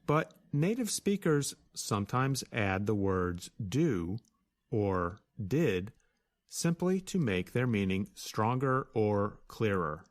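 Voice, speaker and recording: A man co-hosting an English lesson, explaining grammar clearly and deliberately and spelling words out. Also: on the low side, very animated. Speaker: co-host and English teacher. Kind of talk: scripted teaching dialogue.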